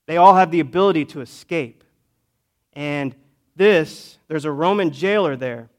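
Pastor preaching a conversational storytelling sermon. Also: male voice, on the high side, a little slow. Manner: conversational, swings between loud emphasis and quiet asides.

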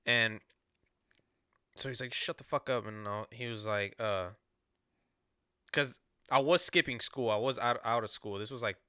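Young man, crisp bright voice, profane rambling storyteller on a podcast. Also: medium pitch, unhurried, long pauses, dry recording, studio quality. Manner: profane, rambling, animated retelling. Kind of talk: casual storytelling.

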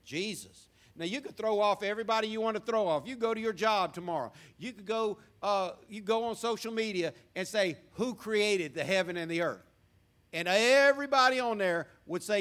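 A man's voice: high voice, moderate pace, fairly bright tone. A male pastor preaching a sermon in a church, asking the congregation questions and repeating words for emphasis. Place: church sanctuary.

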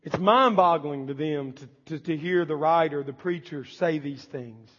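A man's voice: fairly high pitch, moderate pace, a bit bright, big-room sound, dull audio. A man preaching a sermon as pastor, with impassioned delivery and pleading prayers acted out. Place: church sanctuary.

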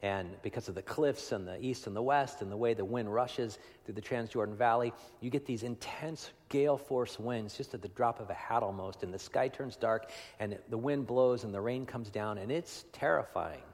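A man preaching a sermon in a long-reverb hall. His voice sits mid-range, and he talks to the congregation like a friend, tagging lines with "right?". He swings from loud, pressing emphasis to hushed, almost whispered moments. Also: mid-range voice, normal speed, hardly any pauses. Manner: conversational, tag questions, swings from loud to hushed. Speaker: pastor.

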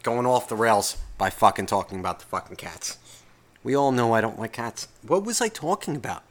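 A man ranting alone into a podcast mic, swearing freely and doubling back on himself as he talks. His voice sits at an ordinary middle pitch. The talk is loose and unscripted, full of restarts and asides. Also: expressive, brisk. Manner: profane, rambling, self-interrupting. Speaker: podcast host. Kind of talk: casual solo podcast rant.

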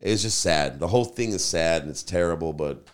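Podcast host, male, lowish voice, loose rambling storyteller. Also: lively intonation, a little fast, smooth. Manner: rambling, anecdotal, repeats "you know". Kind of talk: casual storytelling chat.

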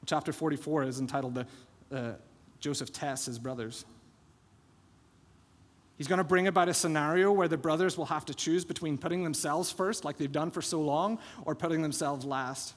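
A man's voice: fairly high pitch, steady tone, normal speed. A man preaching a sermon as pastor, retelling scripture scenes in an earnest, expository way. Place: church sanctuary. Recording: long church hall reverb.

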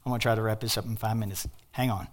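An older man preaching a sermon as pastor, emphatic, with sudden loud outbursts and joking asides. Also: on the low side, steady tone, racing.

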